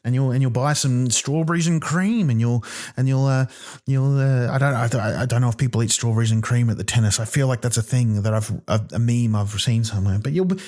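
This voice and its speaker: A man in a comic rant who stumbles through his points with plenty of ums and false starts. He keeps heaping on exaggeration in mock outrage, and his voice sits at an ordinary middle pitch for a man. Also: darkish tone. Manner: rambling, halting, with many ums and restarts. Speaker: comedy podcast host.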